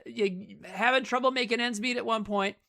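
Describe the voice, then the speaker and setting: A woman's voice: on the high side, normal speed, creaky. A woman co-hosting a podcast, recapping a movie in casual, profane chat. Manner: animated, profane movie recap full of acted quotes. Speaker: podcast co-host.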